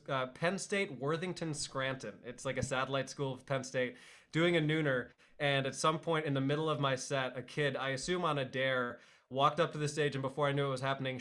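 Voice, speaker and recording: A man guest-comedian telling stories on a video call, with wry, deadpan punchlines. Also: on the high side. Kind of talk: casual chat, storytelling.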